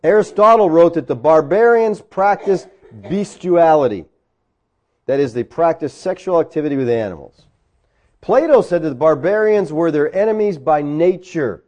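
Guy preaching, chatty sermon, high voice, soft mellow tone. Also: highs cut off. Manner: animated, conversational preaching with rhetorical questions. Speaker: pastor.

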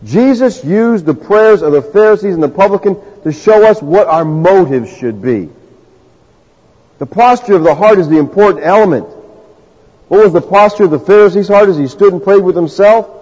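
Husky high-voiced preacher in a hall. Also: male voice, lively intonation, normal speed, darkish tone. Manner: conversational preaching, acts out the people he quotes. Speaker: pastor. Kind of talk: sermon. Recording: lo-fi recording with long reverb in a hall.

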